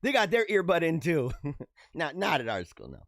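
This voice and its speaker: A man's voice: fairly high pitch, wildly swooping pitch, moderate pace, a bit bright, no echo, clean studio sound. A middle-aged man hosting a show, giving rambling, joking commentary on the news and laughing often. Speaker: show host.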